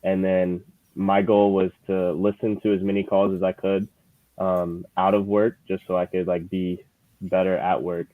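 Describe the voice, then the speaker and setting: A man in his twenties, a guest lead manager, talking in a relaxed, halting way with many fillers. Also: sits low, no room sound. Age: 20s. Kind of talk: casual chat. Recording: tinny phone-like call audio.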